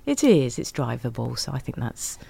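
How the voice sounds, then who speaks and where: Gravelly, hoarse woman radio host. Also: extremely low pitch, big pitch swings, moderate pace, dark tone. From East London, England. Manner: chatty, enthusiastic, laughs easily. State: hoarse after a late night. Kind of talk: casual radio chat introducing records. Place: radio studio.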